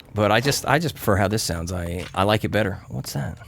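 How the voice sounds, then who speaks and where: A young man talks his way through a game stream, pitched a little low and chatting loosely with his viewers. He reads their comments out and breaks off to swear at the game. Constant background noise sits under the low-quality stream audio. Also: expressive, fairly quick, creaky, fairly bright tone. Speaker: gaming streamer. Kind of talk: casual live-stream chat while playing.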